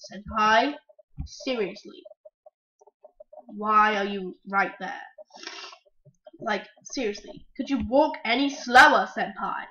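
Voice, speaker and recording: Excitable bright-voiced woman gamer. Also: mid-range voice, slow pace, long pauses. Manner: chatty, breaks into sudden excited shouts. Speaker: gamer playing a video game. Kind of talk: let's-play game commentary. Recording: dull lo-fi mic.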